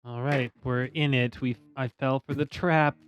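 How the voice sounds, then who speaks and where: A man playing a tabletop game who chats casually and thinks his moves through out loud. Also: medium pitch, steady tone, a little slow. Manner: chatty, thinks aloud. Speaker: player.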